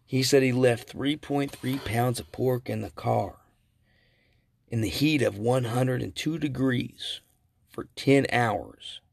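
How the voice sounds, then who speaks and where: A man's voice: mid-range voice, slow pace, creaky, no room sound. A man hosting a casual solo podcast, rambling through stories with self-corrections and chuckles. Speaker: podcast host.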